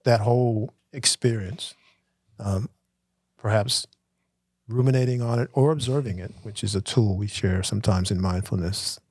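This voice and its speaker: A middle-aged man co-hosting a casual conversation, talking in a thoughtful, halting and self-reflective way. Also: lowish voice, darkish tone, breathy edge, no room sound. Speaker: podcast co-host.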